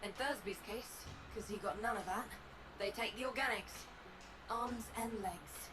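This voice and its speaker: A woman's voice: medium pitch, lightly acted. Game role: woman doing a blunt, guarded worker leader, noise in the audio. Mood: wary. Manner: brisk, wary, blunt.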